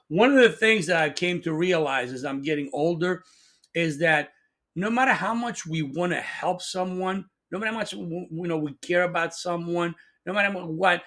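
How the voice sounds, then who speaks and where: A middle-aged man hosting his own channel, giving an excitable opinion monologue full of restarts, asides and rhetorical questions. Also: on the high side, moderate pace. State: coughing at times. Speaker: channel host.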